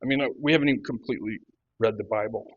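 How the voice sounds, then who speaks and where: A man in his fifties giving a halting personal testimony, full of restarts, who grows animated as he retells a quarrel. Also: fairly low pitch, no echo, phone-quality sound. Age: 50s. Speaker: workshop participant sharing testimony.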